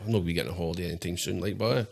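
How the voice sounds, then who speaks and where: Quick-talking low-voiced Scottish man. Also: vocal fry, darkish tone. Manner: laughs often, tells stories with voiced quotes. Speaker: podcast guest. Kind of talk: casual chat.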